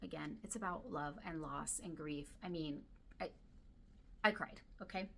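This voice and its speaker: Chatty woman doing a book vlog, bright edgy voice, bit low, dry scratchy throat, faint hiss behind. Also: measured pace, gravelly. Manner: chatty and gushing, drops to soft whispers. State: dry irritated throat from smoke. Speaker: book vlogger. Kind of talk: casual chat to camera.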